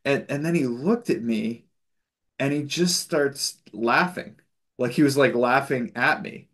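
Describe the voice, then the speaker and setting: A man's voice: medium pitch, measured pace, a bit bright. Man telling stories on a video call. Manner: loose storytelling with frequent fillers and self-corrections; chuckles while telling stories. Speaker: spiritual group facilitator. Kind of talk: casual spiritual sharing on a video call.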